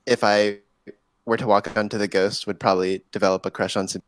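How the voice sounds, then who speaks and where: A man's voice: fairly low pitch, level tone, brisk. A man co-hosting a podcast in casual chat, dropping wry, offhand remarks. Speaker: podcast co-host.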